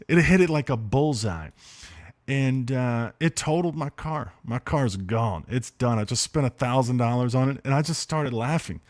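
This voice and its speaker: Hosting a casual livestream, a man with a medium-pitched voice tells a story in a lively, excited way, full of fillers and restarts.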